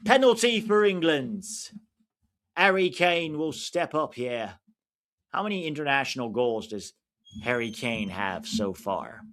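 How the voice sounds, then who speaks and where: A man's voice: mid-range voice, unhurried. American man streaming a football watch-along. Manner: chatty, reacts loudly to big moments.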